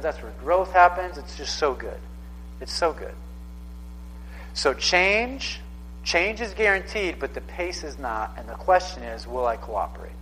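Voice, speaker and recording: A man's voice: a little high, bright, forceful tone, big-room sound, a little hiss or hum, low-quality recording. A man in his thirties preaching a sermon in a casual, conversational way, often repeating himself for emphasis. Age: 30s. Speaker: pastor.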